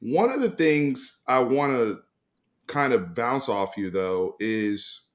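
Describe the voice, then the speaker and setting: A man's voice: mid-range voice, lively intonation, takes it slowly. A man co-hosting a sports fan talk show, easygoing and supportive, laughing along with his partner.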